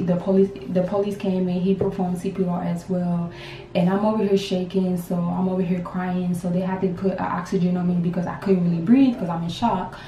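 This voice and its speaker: A young woman in her twenties, a grieving mother telling her story to camera in a halting, repetitive, emotional way. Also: lowish voice, dark tone, slight background noise. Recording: roomy sound from a distance.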